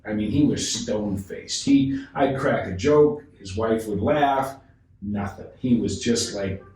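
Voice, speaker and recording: A man who is a guest on a podcast, telling a sales story with animated delivery, acting out the dialogue and often restarting his sentences. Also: on the low side, measured pace. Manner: acts out dialogue, frequent restarts. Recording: echoey room, distant mic, faint noise.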